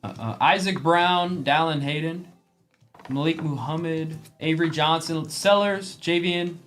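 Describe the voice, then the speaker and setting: Man rattling off card names fast. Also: a little high, a bit bright. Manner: rapid name roll-call of cards. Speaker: card break host. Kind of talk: live card break commentary.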